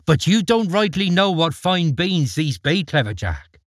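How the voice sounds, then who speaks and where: A man's voice: on the high side, very animated, a little slow, dry recording, studio quality, voice pushed up. A man voicing a sly old man who coaxes a boy into a trade with old-fashioned country talk in a storybook reading. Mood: coaxing. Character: sly, wheedling old man peddling beans.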